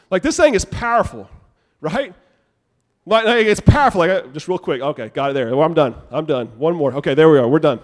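Animated male pastor preaching. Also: high voice, quick pace. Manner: conversational preaching, animated asides. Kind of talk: sermon. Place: church sanctuary.

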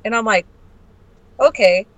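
A woman guest on a podcast, telling a story in a brash, profane and animated way. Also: fairly high pitch, unhurried, dull audio. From Arizona.

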